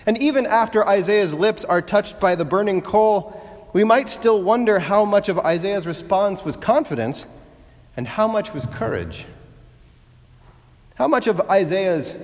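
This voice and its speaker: A man delivering a sermon in a relaxed, conversational way, with gentle humor and rhetorical questions to his listeners. His pitch sits fairly high for a man and moves a great deal. The sound carries the long reverb of a church hall. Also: unhurried. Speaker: preacher.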